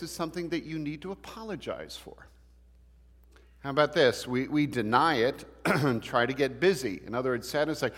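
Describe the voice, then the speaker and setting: A man's voice: medium pitch, lively intonation, normal speed, a bit bright. Man teaching a church class in a reverberant hall. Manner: conversational, asks the class rhetorical questions.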